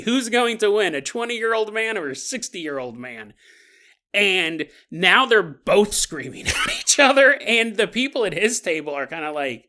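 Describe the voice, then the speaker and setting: A man's voice: sits high, pushed and bright. A man in his forties hosting a podcast, telling stories in a rambling, casual way, correcting himself and chuckling as he goes. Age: 40s. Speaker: podcast host.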